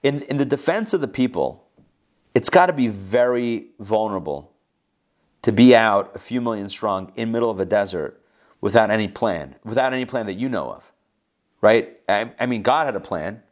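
A man's voice: lowish voice, animated, moderate pace. Man reading and explaining scripture. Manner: reads verses then explains in casual asides. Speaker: Bible teacher.

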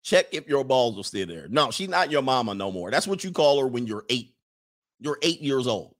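A man's voice: mid-range voice, big pitch swings, normal speed. American guy on a stream going off about stuff, voice jumping all over, reads chat comments and preaches at folks. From United States. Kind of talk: casual comedic rant to viewers.

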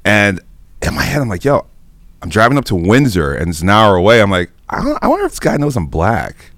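Man, podcast co-host, relaxed chatter, low voice with a lot of swing, dry close mic. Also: brisk, dry recording. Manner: laid-back, chimes in with short asides. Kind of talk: casual chat.

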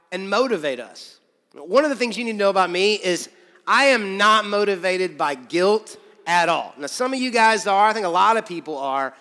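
High-voiced man preaching in an echoey hall. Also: sharp tone. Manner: conversational preaching with humor and quoted voices. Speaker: pastor. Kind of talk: sermon.

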